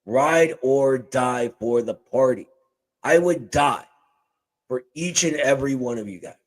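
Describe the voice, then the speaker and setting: Male host, casual and emphatic, joking asides, talking into a desk boom mic. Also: a little slow, rough recording. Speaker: show host. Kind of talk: casual political chat. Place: home desk. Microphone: boom-arm desk mic.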